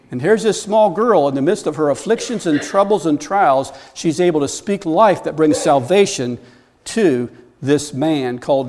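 High-voiced man preaching a lively sermon. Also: slight background noise. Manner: storytelling preacher, rising to loud animated bursts. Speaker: pastor.

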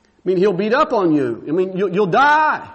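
A man's voice: high-pitched, big pitch swings, moderate pace, lo-fi sound. A man voicing a worried, protective king who pleads and repeats himself.

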